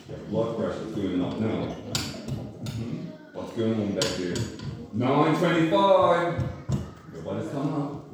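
A man's voice: medium pitch, very animated, slow. Man preaching in an echoey hall. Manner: call-and-response preaching, acting out scenes. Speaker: pastor. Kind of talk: sermon. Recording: echoey distant room mic with noise.

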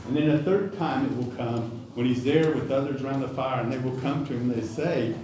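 Guy preaching, folksy and chatty, mellow voice, big echoey church, mic kinda far off. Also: mid-range voice, fairly quick, hardly any pauses, slight background noise. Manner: folksy, conversational, with asides and self-corrections. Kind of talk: sermon. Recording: echoey hall, distant mic.

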